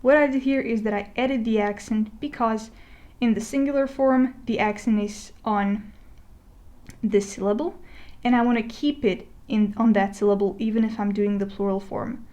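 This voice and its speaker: A woman with a slightly high voice narrates a Spanish grammar lesson over a whiteboard. She talks casually, with fillers and restarts. She slows down when she says the example words. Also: fairly even intonation, mellow. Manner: conversational, with many fillers and restarts, slowing to spell out example words. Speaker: Spanish teacher. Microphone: voice-over recording.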